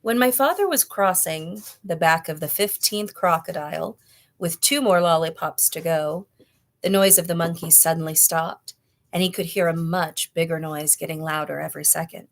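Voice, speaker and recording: A woman reading a children's novel aloud, with clear, expressive storytelling. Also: low voice, moderate pace. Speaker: storybook reader.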